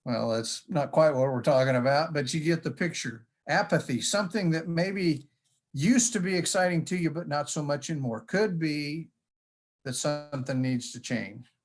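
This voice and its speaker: A man with a slightly high voice and moderate pace gives a conference presentation. He tells it in a folksy, storytelling way, working in jokes as he goes.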